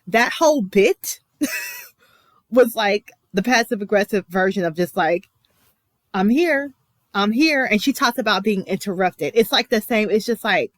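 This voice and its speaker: With lively intonation and an unhurried pace, this young American vlogger reacts emotionally to a TV episode in her mid-range voice. The recording is dry, and her talk stays chatty and emphatic, loaded with fillers and asides.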